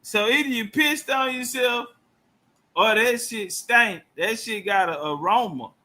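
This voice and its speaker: High pitched guy, slow drawl, cussing and cracking up on a livestream. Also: pushed and bright. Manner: loose profane slang, laughing and heckling. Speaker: livestream commentator. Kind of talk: crude casual live commentary.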